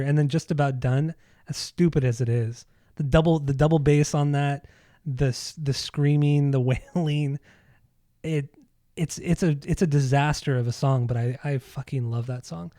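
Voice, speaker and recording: Laughing, swearing podcast co-host. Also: male voice, mid-range voice, steady tone, normal speed, mellow, no echo, studio quality. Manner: laughs a lot, swears, enthusiastic. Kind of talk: casual chat.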